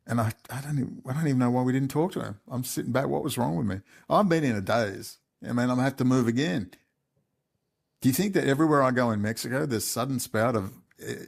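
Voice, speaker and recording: A man's voice: mid-range voice, vocal fry. A man with an Australian accent giving an angry, intense monologue full of swearing. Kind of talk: ranting monologue.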